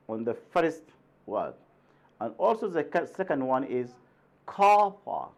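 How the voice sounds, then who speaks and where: A man from Sudan, a native Arabic speaker, teaching an English lesson, repeating words with strong stress and often asking "right?". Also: mid-range voice. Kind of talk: recorded classroom lesson.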